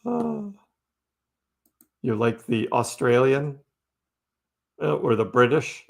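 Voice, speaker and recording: A man's voice: medium pitch, big pitch swings, slow, creaky. A man hosting a live crypto stream, chatting casually and answering viewers' messages as he reads them. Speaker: crypto livestream host. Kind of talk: casual livestream chat with viewers.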